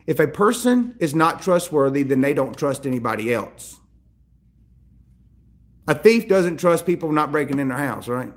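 Man, pastor, sermon, high-pitched, animated storytelling. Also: normal speed. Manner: animated, acts out biblical characters in quoted dialogue.

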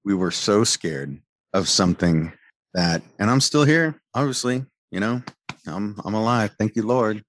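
A man's voice: fairly low pitch, animated, a little slow, slight background noise. A man who was a medic tells a heated, profane personal story, rambling and swearing as he goes. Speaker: former medic telling his story. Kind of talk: angry personal account.

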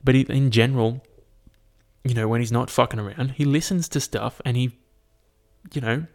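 A man's voice: medium pitch, steady tone, moderate pace. A young man hosting a solo podcast, talking casually with lots of swearing and fillers. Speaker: podcast host. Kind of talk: solo podcast rant and storytelling.

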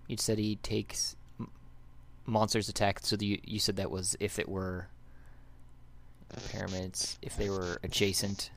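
A man running a tabletop game as game master, halting as he reads rules aloud. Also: on the low side, level tone, vocal fry, fairly bright tone.

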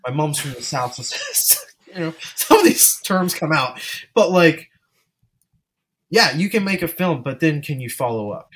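A man's voice: a little high, huge pitch swings, measured pace, fairly bright tone. A man talking as an interview guest, a filmmaker speaking candidly and rambling with frequent restarts. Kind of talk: casual interview chat.

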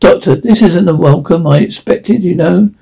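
A man's voice: sits high, moderate pace, gravelly, warm tone, husky, heavily acted, low-quality recording. A man voicing a clever, wry wandering traveller in a read-aloud story.

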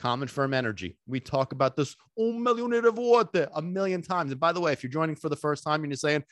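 A man hosting a solo podcast as a dog trainer, talking in an excitable, emphatic way and dropping in Sicilian phrases and casual swearing. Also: on the high side, brisk, dry recording, clean studio sound. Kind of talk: energetic solo podcast talk.

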